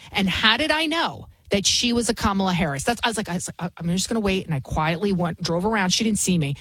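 A woman's voice: medium pitch, breathy edge, no room sound, low-quality recording. A woman in her forties hosting a radio talk show, telling a story in a combative, ranting manner. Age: 40s. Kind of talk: opinionated radio monologue.

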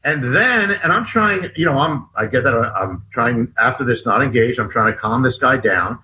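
A man, a guest author, tells a long personal story in an interview, halting and restarting often and acting out the dialogue. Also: mid-range voice, animated, sharp tone.

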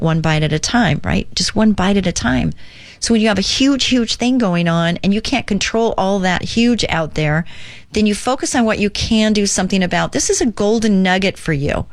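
A woman hosting her own radio show, reading a devotional aloud and talking earnestly and encouragingly about faith and calm. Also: mid-range voice, dry recording. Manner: earnest, encouraging, reads slowly. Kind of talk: devotional reading and casual talk.

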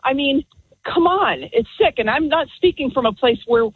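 A woman calling in to a radio talk show, speaking firmly and with deep conviction. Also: lively intonation, a little hiss or hum. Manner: firm, impassioned, deliberate. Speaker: caller. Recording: tinny phone line.

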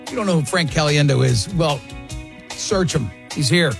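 A man's voice: on the high side, expressive, normal speed, creaky, music in the background. A man hosting a radio show, asking eager, upbeat questions in a casual interview. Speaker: radio host.

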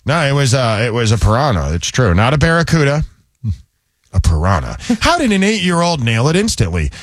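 A man's voice: mid-range voice, huge pitch swings, a little fast, no room sound, studio quality. A man co-hosting a casual talk show, telling a news story with wry, teasing asides. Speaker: co-host.

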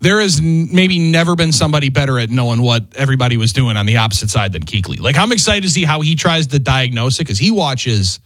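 A man's voice: mid-range voice, animated, quick pace, few pauses, a bit bright, dry recording. A man co-hosting a sports talk show, explaining football tells in an easygoing, chatty way.

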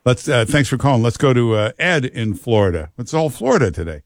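A man's voice: medium pitch, sing-song, fairly quick, no echo, clean studio sound. A man hosting a talk radio show, chatting loosely with callers and cracking jokes. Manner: chatty, repetitive, wisecracking. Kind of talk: casual talk radio chat. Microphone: studio mic.

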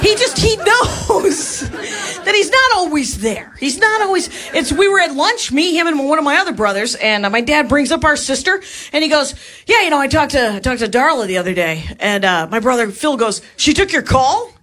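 A woman's voice: high-pitched, moderate pace. A woman performing a stand-up comedy routine, telling stories and acting out the lines of the people in them. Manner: animated storytelling, acts out quoted lines. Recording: live club with crowd laughter. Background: audience laughing.

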